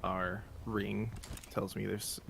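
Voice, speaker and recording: A man's voice: on the low side, little pitch movement, slow pace, vocal fry. A man co-hosting a casual gaming show, giving short, laid-back replies. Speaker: co-host. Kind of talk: casual chat while playing a game. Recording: noisy background hiss.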